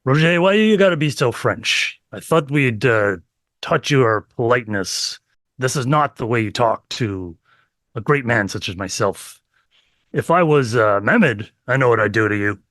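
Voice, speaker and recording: A man's voice: mid-range voice, expressive, normal speed, a bit bright, dry recording, studio quality, natural voice. A man improvising as a vain, boastful emperor who talks in a pompous, self-praising way. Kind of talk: improvised comedy role-play.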